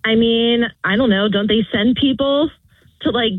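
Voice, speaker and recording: A woman caller, soft-spoken, on a muffled phone line. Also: on the high side, moderate pace, no room sound.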